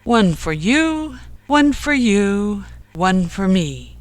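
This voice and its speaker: A storybook narrator voicing a calm, matter-of-fact grown man who explains things a little dolefully, slightly raised in pitch. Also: drawn-out words, dry recording. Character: calm, knowing man friend with a plan.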